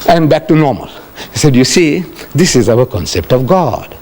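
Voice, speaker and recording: A man giving a religious lecture to an audience, telling a story in a lively way, acting out quotes and asking rhetorical questions. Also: moderate pace. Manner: animated storytelling, acting out quotes with sharp pitch jumps.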